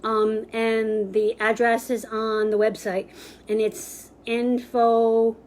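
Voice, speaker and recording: A woman leading a sign language lesson over a live stream, talking at an unhurried pace. Her voice sits a little high, and she keeps things chatty with fillers and bursts of laughter. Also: completely flat delivery, darkish tone. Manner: chatty, laughs often, many fillers and restarts. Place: library.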